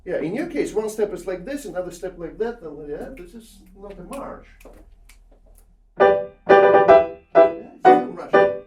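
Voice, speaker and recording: Male piano coach, fairly high and animated, sings rhythms and checks in with "yeah?", miked from afar in an echoey room. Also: measured pace, pauses often. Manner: sings rhythms aloud and keeps asking "yeah?". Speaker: piano teacher giving a masterclass. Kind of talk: masterclass coaching. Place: small room with a large piano. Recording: echoey room, heard from far off.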